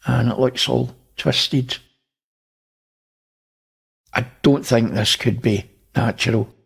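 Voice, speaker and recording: Slow, gravelly-voiced man. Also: mid-range voice, steady tone. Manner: unhurried, pointing things out. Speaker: host. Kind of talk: casual narration over images.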